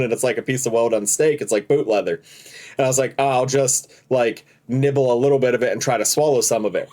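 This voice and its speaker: A man's voice: medium pitch, fast talker, a little mellow. A man co-hosting a casual podcast, telling stories animatedly and laughing through them. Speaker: podcast co-host. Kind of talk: casual chat, storytelling.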